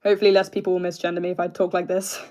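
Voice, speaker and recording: A young man with a British accent, chatting casually on a live stream and answering viewers, hesitant with many fillers as he tries to keep his voice low. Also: monotone, darkish tone. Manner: hesitant, filler-heavy, deliberately lowering his pitch.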